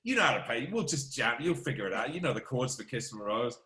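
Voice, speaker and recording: A man's voice: medium pitch, very animated, quick pace, sharp tone, reverberant. A man playing a famous singer who teases and coaxes a friend. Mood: coaxing. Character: famous singer, a coaxing, teasing male friend.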